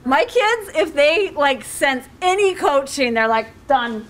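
A middle-aged woman life coach talks to a community audience in a high, bright voice. She is animated and slips into little acted-out exchanges with her children. A faint hum of the room sits behind her. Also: measured pace. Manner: animated, acts out parent-child dialogue. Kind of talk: community talk with audience questions.

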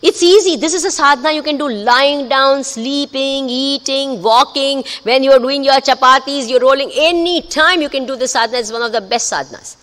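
A woman spiritual teacher giving a discourse, telling stories in an animated way and often checking that listeners have understood. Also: sits high, normal speed, hardly any pauses. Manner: animated storytelling, checks the audience. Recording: echoey hall.

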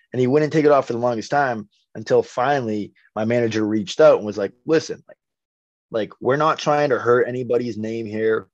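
A man's voice: mid-range voice, darkish tone, no room sound. Young male boxer, blunt and profane storyteller; dry, slightly muffled podcast sound. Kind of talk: casual interview chat.

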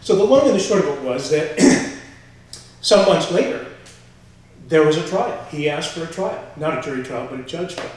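A man telling a personal story on stage to a live audience, animated and full of fillers, acting out quotes as he goes. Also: a little high, moderate pace. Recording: echoey hall from far off.

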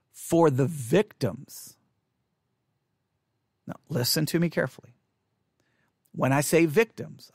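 A man's voice: high voice, dry recording, studio quality. A man preaching a sermon with passion, often repeating phrases and restarting mid-sentence.

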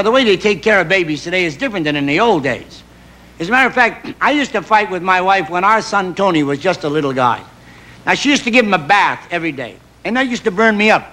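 A middle-aged man telling a folksy comic story as a stand-up monologue, stammering when excited. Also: high voice. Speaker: comedian guest. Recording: live TV audience, noisy old broadcast. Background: audience laughter.

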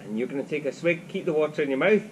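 A man hosts a casual interview in a cheerful, joking manner. His voice is fairly high for a man, and his pitch rises and falls a great deal as he speaks. Faint background noise sits beneath him. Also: lively intonation, racing. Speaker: host.

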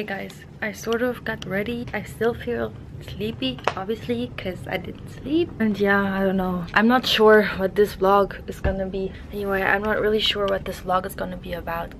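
A woman's voice: mid-range voice, a little hiss or hum. A young woman working as a flight attendant, chatting casually in a rambling, giggly vlog style. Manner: chatty, rambling, laughs often.

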